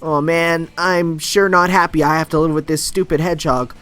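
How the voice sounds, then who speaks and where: A grumpy, put-upon grown man, done by a man, whining and complaining. The voice sits only a little above a normal speaking pitch. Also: steady tone, normal speed, a bit bright, smooth, faint music behind, close to an everyday voice. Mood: grumbling.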